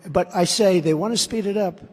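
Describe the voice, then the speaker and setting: High-voiced man giving a combative arena speech. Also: a little fast, a little mellow. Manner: combative, repetitive, sarcastic asides. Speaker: politician addressing a rally. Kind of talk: campaign rally speech. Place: large indoor arena. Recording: long arena reverb.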